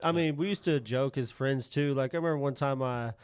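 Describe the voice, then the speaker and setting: A man's voice: medium pitch, a little fast, clear, resonant tone. A man in his late thirties co-hosting a podcast, chatting in a laid-back, rambling way with lots of fillers. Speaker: podcast co-host. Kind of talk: casual podcast chat.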